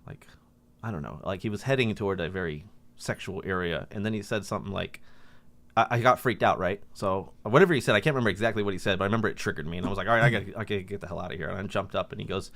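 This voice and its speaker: A man co-hosting a podcast, telling a story in casual chat and acting out the people in it with a high voice. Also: very fast. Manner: animated, acts out quotes in a high voice. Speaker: podcast co-host.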